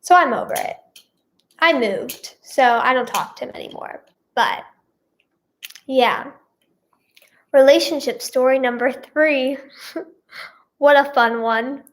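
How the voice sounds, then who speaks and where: Slow, high-voiced woman telling a story. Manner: rambling, filler-heavy, repeats herself; dramatic emphasis on feelings. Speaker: singer and vlogger. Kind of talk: casual storytime chat.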